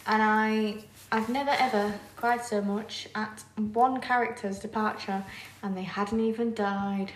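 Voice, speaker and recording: A young woman co-hosting a podcast, chatting casually and gushing about films and shows with quick asides. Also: medium pitch, fairly even intonation, slight background noise. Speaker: podcast co-host. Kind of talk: casual chat.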